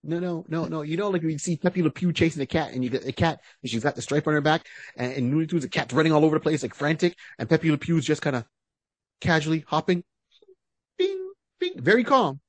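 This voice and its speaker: This podcast co-host is a man who talks quickly in a higher-than-average voice, casually retelling a story and padding it with many fillers. The recording has no room sound.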